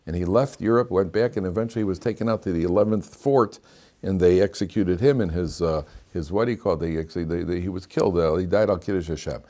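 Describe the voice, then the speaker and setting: Lower-voiced rabbi telling stories in class. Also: male voice, quick pace. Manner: animated storyteller who acts out dialogue; digressive, with frequent restarts and rhetorical questions. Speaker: rabbi teaching a weekly Torah class. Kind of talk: Torah class lecture.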